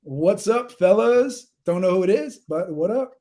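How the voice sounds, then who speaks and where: A man's voice: sits high, lively intonation, measured pace, mellow. Upbeat New York-accented male host. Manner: upbeat, chatty, keeps calling on viewers to comment. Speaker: livestream host. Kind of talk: live-streamed interview.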